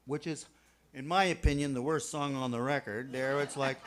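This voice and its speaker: A man's voice: fairly high pitch, quick pace. A man from Canada, a band member telling jokey stories during an interview. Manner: animated, jokey storyteller. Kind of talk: casual storytelling in an interview.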